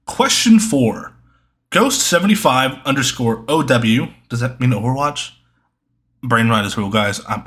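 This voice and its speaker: A man's voice: mid-range voice, a bit bright. A young man answering viewer questions in a casual, rambling monologue, full of ums and self-corrections.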